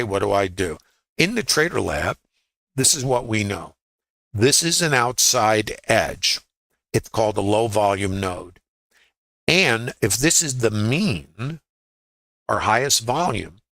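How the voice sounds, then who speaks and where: Man teaching trading, bright dry voice. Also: fairly low pitch, dry recording. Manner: conversational, asks rhetorical questions. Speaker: trading educator. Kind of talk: live trading webinar walkthrough.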